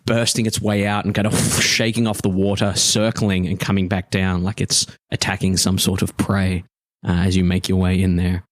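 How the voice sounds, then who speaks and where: Man, game master, low voice, casual joking narration, dry close sound. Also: level tone, normal speed, no echo. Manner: casual, joking, restarts mid-sentence.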